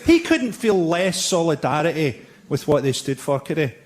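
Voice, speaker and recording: A man performing a stand-up routine with a deadpan, biting delivery. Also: a little high, moderate pace, a little hiss or hum. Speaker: stand-up comedian. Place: theatre stage with audience. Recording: live show with loud audience laughter.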